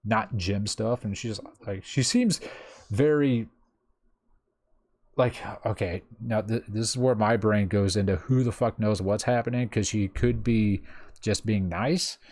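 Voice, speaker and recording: A man's voice: lowish voice, unhurried, darkish tone. A man in his thirties telling a personal story in casual chat, rambling with lots of fillers and swearing freely. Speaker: streamer.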